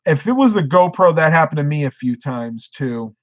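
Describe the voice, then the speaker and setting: A man's voice: a little high, lively intonation, moderate pace, no echo. Sleepy man streaming late. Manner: rambling, reads chat comments aloud. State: sleepy, yawning. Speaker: live streamer. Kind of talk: casual live stream chat.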